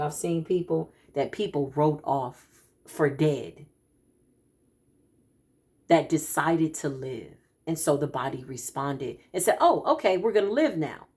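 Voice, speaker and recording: A woman, a spiritual practitioner speaking to her followers in an animated, emphatic, preacher-like way. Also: low voice. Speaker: spiritual practitioner giving a card reading.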